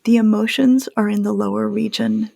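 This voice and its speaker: A middle-aged woman, a psychologist, explaining parenting advice in an animated chat full of metaphors, sometimes dropping to a near whisper. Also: medium pitch, normal speed, gravelly, dry recording, studio quality. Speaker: psychologist co-host of a parenting podcast.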